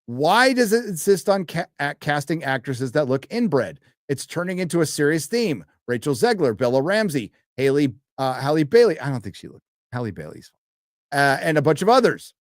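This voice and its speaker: Reading out viewer donations and messages on a casual live stream, this American host sounds offhand and crude and uses lots of fillers. His voice is on the high side with big pitch swings at normal speed, captured as a dry recording with clean studio sound.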